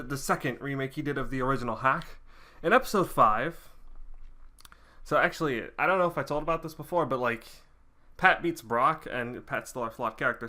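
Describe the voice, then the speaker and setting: A man's voice: a little high, sharp tone. A young man hosting a reaction video, casually recapping episodes in a rambling way with many restarts and fillers.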